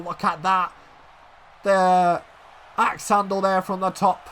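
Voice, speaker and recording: A man giving excitable play-by-play commentary on a wrestling video game, dropping to low murmurs and rising to shouted exclamations. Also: measured pace, pauses often.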